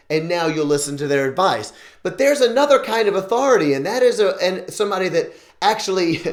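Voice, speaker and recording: Male show host, earnest and opinionated, voice on the higher side. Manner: earnest, opinionated, often restarting sentences. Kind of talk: opinion vlog monologue. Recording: roomy echo.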